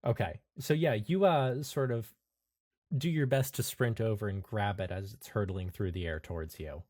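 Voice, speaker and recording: A man narrating as game master of a tabletop role-playing game, describing scenes in a relaxed way with fillers. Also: fairly low pitch, moderate pace.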